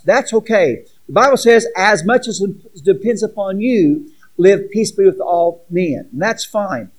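A man's voice: sits high, darkish tone, poor audio. A man preaching a sermon as pastor, earnest, reading scripture aloud with asides to the congregation.

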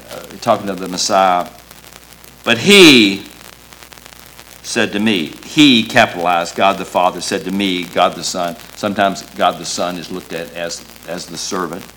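A man preaching a sermon in an earnest, emphatic way, quoting scripture with halting restarts. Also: on the low side, fairly bright tone, slight background noise, rough recording.

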